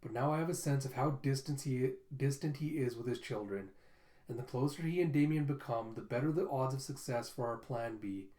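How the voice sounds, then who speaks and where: A man reading the lines of a suave, polite spy posing as a father, smooth and courteous. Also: medium pitch, brisk, mellow, close to an everyday voice. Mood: calm. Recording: roomy echo.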